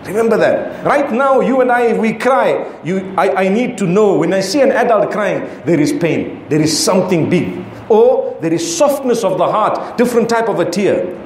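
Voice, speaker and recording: Man, middle-aged, emphatic sermon, rhetorical questions, high-pitched, faint room noise. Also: expressive, moderate pace, few pauses. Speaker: Islamic preacher. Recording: echoey hall with faint ambience.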